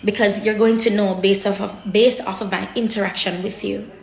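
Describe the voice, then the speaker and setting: Speaking at a normal speed in a gravelly, medium-pitched voice with a steady tone, a woman vlogger opens up to her viewers on camera. She's blunt, emotional, and freely profane, circling back over her words as she tries to find them. The room she's in echoes.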